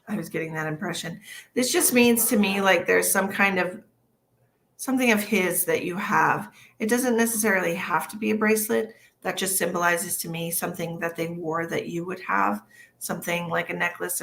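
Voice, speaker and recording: A woman's voice: fairly low pitch, creaky, slight background noise. Chatty woman doing a live reading. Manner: chatty, relays messages in a soft conversational way. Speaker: psychic medium. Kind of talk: casual live-stream reading. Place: at home.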